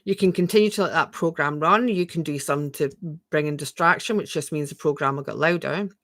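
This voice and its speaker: A woman coaching viewers on a live stream, talking gently and asking a lot of rhetorical questions. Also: sits low, fairly quick, no room sound. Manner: reads viewer comments aloud and answers them. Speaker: spiritual coach.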